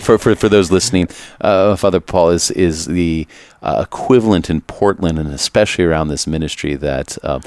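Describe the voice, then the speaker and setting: A man with a very low voice hosts a relaxed conversation. He talks in quick, chatty bursts, restarting phrases and laughing easily. The sound is close and dry. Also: dry recording. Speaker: priest and podcast host. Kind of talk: casual conversational interview.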